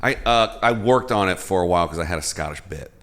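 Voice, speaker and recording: A man's voice: low voice, animated, fairly bright tone. A man hosting a casual podcast chat in a studio, cracking jokes as he talks. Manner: fast-talking, joking. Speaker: podcast host.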